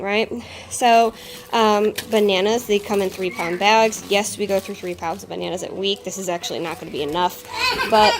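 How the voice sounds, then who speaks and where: A vlogger in her thirties chats casually at home through a haul video, a little out of breath from a chest cough. She has a mid-range voice and rambles with lots of fillers and laughter.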